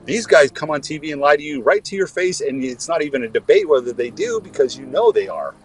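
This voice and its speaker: A man's voice: a little high, big pitch swings, quick pace, soft background music, low-quality recording. A man from the US West Coast co-hosting a podcast, talking in a heated, ranting way. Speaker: podcast co-host. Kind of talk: casual political chat.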